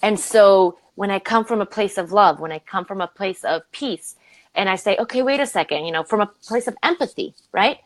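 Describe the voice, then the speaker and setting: Animated woman leadership coach. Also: moderate pace, no echo, rough recording. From Romania. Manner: animated, acts out quoted voices with big pitch jumps. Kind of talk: conversational interview storytelling.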